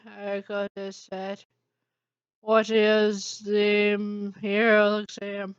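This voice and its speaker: A casual storyteller reading a fan-written story aloud in a halting way with small slips, in a dull lo-fi recording. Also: mid-range voice, completely flat delivery, smooth, no echo. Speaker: fan-fiction reader.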